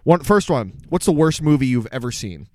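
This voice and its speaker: A man's voice: mid-range voice, very animated, a little fast, dry recording. A man co-hosting a podcast in casual chat, joking and swearing as he asks questions. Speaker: podcast co-host.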